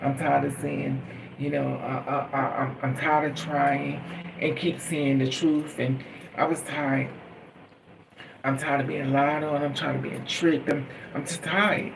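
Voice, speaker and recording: A vlogger delivers a casual spiritual monologue, earnest and rambling, repeating phrases like a chant. His mid-range voice is creaky, flat, and a little slow, and the recording is noisy and picked up from a distance.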